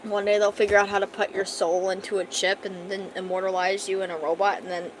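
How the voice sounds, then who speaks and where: Young woman, casual livestream chat, rambling, mid-pitched voice, faint background hum. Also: level tone. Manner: rambling, thinks aloud, fast talker. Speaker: art streamer. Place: home.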